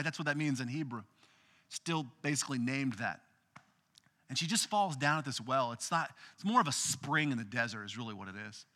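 A man preaching a casual, animated sermon, retelling a Bible story in everyday words. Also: fairly high pitch, long reverb tail. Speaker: pastor.

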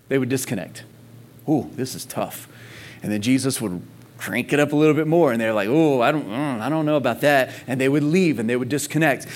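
A man preaching a sermon in a casual, conversational way, full of rhetorical questions and emphasis. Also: mid-range voice. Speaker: pastor. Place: church service in Texas.

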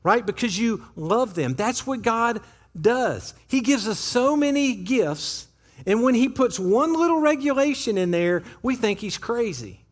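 Pastor, male, lively sermon delivery with a high, swooping voice, talking straight to the congregation. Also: a little slow. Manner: animated, conversational preaching with acted-out quotes. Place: church sanctuary.

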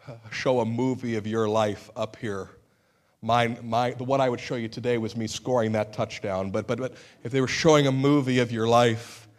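Earnest preaching man. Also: fairly low pitch. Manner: earnest, with sudden emphatic outbursts and self-deprecating humor. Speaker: pastor. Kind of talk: sermon.

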